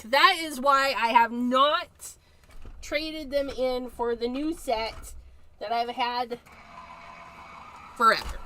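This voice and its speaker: A woman's voice: on the high side, animated, slow pace, pushed and bright, slight background noise. A woman hosting a live card-making tutorial, chatting and joking to herself as she works. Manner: chatty, jokey, talks to herself while working.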